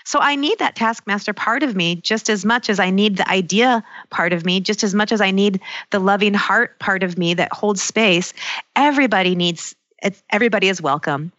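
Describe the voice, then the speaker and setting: A middle-aged woman coach speaking in an earnest, personal, reflective way, slowing down to stress her key points. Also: medium pitch, fairly bright tone, no room sound, lo-fi sound. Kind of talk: reflective self-help talk.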